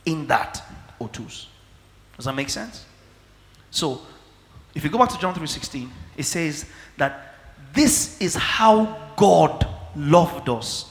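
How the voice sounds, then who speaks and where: Pastor guy, slightly high voice, takes his time, big echoey hall. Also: animated. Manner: slow, emphatic teaching with frequent checks for understanding. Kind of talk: sermon. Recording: echoey hall with long reverb.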